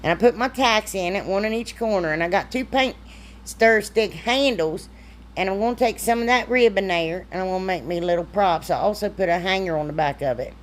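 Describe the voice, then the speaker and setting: A woman's voice: medium pitch, fairly quick. A woman, chatty and self-deprecating, talking through a craft tutorial. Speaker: craft vlogger. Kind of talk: casual crafting tutorial voice-over.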